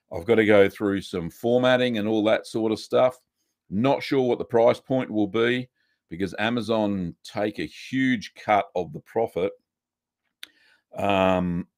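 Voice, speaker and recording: An Australian man hosting a casual live stream, chatting in a relaxed way and greeting viewers one by one. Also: on the low side, dry recording, studio quality.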